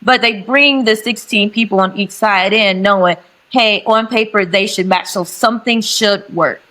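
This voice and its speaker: A woman's voice: mid-range voice, moderate pace, bright, forceful tone, low-quality recording. A young woman with a St. Louis accent, a guest chatting candidly and talkatively on a podcast over a video call. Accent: St. Louis, Missouri. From St. Louis, United States.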